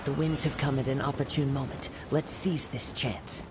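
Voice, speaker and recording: An actor playing a calm, poetic young wandering swordsman in a video game, speaking in a composed, measured way. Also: medium pitch, background noise, lightly acted.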